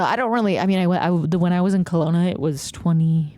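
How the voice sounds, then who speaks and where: A woman's voice: on the low side, fast, mellow, dry recording, soft background music. A young American woman streaming from home into a desk microphone, chatting casually with viewers, joking, teasing and swearing freely.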